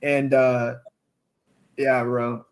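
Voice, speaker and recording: A man hosting a casual stream, telling a family story in an animated way, swearing freely and calling everyone "bro". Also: mid-range voice, drawn-out words, clean tone. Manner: animated, profane, says "bro" a lot. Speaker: stream host.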